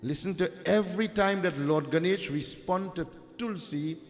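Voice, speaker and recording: A man's voice: high-pitched, normal speed. A man preaching a devotional sermon, emphatic and repetitive, addressing his listeners directly. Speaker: Hindu preacher. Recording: reverberant hall with faint music.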